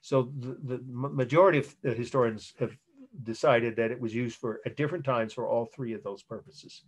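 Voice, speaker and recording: A man teaching a college art history class over a video call, talking in a relaxed, halting way with frequent restarts and asides. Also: mid-range voice, husky. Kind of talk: online lecture. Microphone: computer mic on a video call. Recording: video call audio with dropouts.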